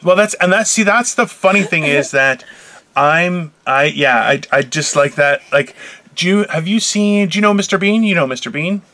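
Bright, animated man telling stories. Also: a little high, normal speed, no room sound. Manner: animated storyteller, acts out quoted voices, swears, laughs. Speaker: podcast co-host. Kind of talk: casual chat.

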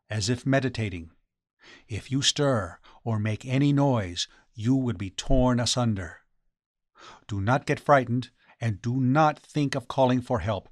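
Guy reading as a grave old priest, measured and solemn, dry close mic. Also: medium pitch, no echo, lightly acted. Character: stern old Buddhist priest giving grave warnings.

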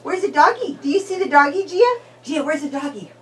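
A woman's voice: sits high, sing-song, fairly quick. A woman playing with a toddler in sing-song baby talk, coaxing and squealing calls. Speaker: family member playing with a toddler. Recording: distant, noisy home video.

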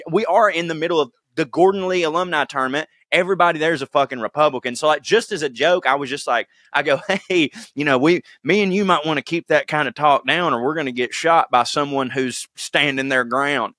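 Bright, animated man. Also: a little high, brisk, hardly any pauses, no room sound, clean studio sound. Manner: profane, animated storyteller who acts out quoted people. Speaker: podcast co-host. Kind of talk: casual chat, comic storytelling.

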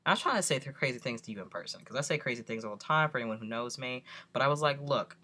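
A young man telling a story in a casual vlog, animated and exasperated, acting out both sides of a conversation with plenty of fillers and laughs. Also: medium pitch, quick pace. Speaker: vlogger.

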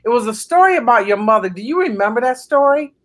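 A woman's voice: a little high, animated, quick pace, fairly bright tone. Woman host on a video call, easygoing chat, reassuring, lots of ums. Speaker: podcast host. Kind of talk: casual interview chat.

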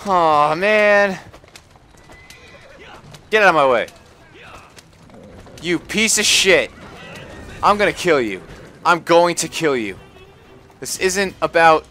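A man giving live gameplay commentary on a stream, often frustrated and cursing with loud outbursts. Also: fairly high pitch, lively intonation, slow pace, pauses often, faint music behind. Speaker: gaming livestreamer.

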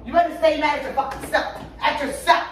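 A woman's voice: high voice, steady tone, a little fast, slight background noise. A woman on a couple vlog, scolding her boyfriend at home with a heated, profane, bossy manner. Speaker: vlogger girlfriend. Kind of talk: casual couple prank video. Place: home living room, on a couch. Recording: roomy echo, distant mic.

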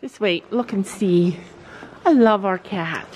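A woman's voice: medium pitch, takes it slowly, darkish tone, slight background noise, low-quality recording. A woman hosting a casual vlog on a cold horse farm, chatting to the camera, laughing often and cooing at her animals. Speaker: vlog host.

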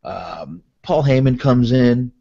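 A man's voice: medium pitch, lively intonation, takes it slowly, vocal fry, dark tone. A man co-hosting a casual podcast, laid-back and agreeable, recapping events. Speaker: podcast co-host. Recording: muffled lo-fi podcast audio.

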